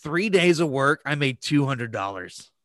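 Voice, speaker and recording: Casual podcast host, a man with a sharp, dry voice who tells stories with lots of swearing. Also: medium pitch, expressive, measured pace, no room sound. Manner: profane, rambling with restarts. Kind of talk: casual storytelling chat.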